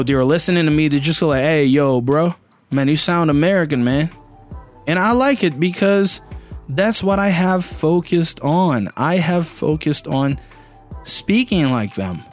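A man in his thirties from Brazil with a Brazilian Portuguese accent, a native Portuguese speaker giving a casual, animated English pronunciation lesson and often asking the listener questions. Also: a little high, normal speed, faint music behind. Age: 30s. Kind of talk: casual spoken lesson to camera.

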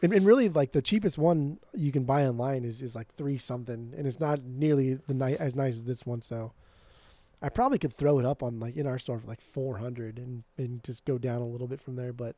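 A man co-hosting a podcast, telling a story in a casual, animated way and swearing freely. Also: mid-range voice, a little fast, no room sound. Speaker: podcast co-host, record store owner. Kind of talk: casual chat.

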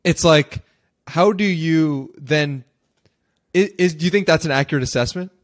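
Podcast host asking halting questions. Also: male voice, a little high. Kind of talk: casual interview questions.

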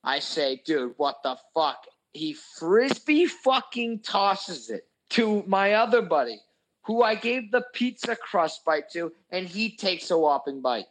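A young man telling a crude, profane story in a casual chat, animated and full of swearing. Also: sits high, a little slow, low-quality recording. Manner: animated, crude, swears a lot, voices his own anger. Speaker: podcast host telling a story.

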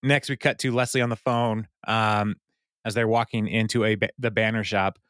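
A man's voice: fairly low pitch, steady tone, normal speed, fairly bright tone, dry recording, studio quality. A man co-hosting a podcast, casually recapping scenes and briefly acting out the characters' lines. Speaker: podcast co-host.

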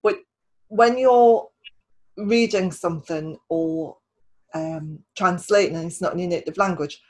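A woman's voice: on the low side, a little slow, a little mellow, poor audio. Chatty woman host with stop-start speech. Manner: chatty, with frequent restarts and stammered repeats. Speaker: podcast host and writer. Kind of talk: casual conversational interview.

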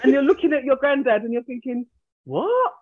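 A man's voice: very high voice, level tone, fast talker. A man co-hosting a casual podcast, joking and asking pointed questions. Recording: tinny phone-like line.

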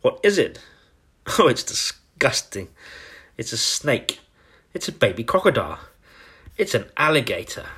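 A man reading a storybook, voicing a crowd of squirming schoolchildren shouting in excitement and disgust. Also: mid-range voice, unhurried, long pauses, breathy edge, heavily acted. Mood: excited.

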